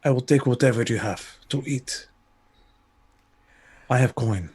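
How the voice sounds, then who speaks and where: Man playing a weary bandaged traveler, slow, polite, plain voice. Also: mid-range voice, a little mellow, husky.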